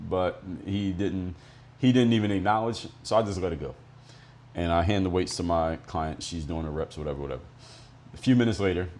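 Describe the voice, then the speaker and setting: A man's voice: low voice, darkish tone, slight background noise. A middle-aged man from Miami talking solo as a podcast host, telling stories bluntly, with some swearing. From Miami, United States. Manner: blunt, profane, explanatory. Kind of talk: monologue storytelling.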